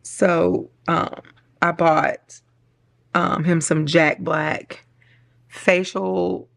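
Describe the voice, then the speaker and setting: A woman's voice: low-pitched, fairly even intonation, very slow, creaky, a bit bright. A middle-aged woman chatting casually and rambling while she decorates her planner, laughing often and getting choked up. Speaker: planner vlogger.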